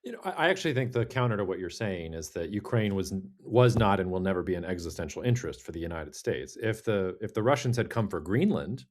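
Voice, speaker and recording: A man's voice: deep voice, animated. A man hosting a casual political talk, firm and direct, often repeating his first word as he starts. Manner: fast, direct, stammers on starts. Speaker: podcast host. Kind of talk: casual geopolitical discussion.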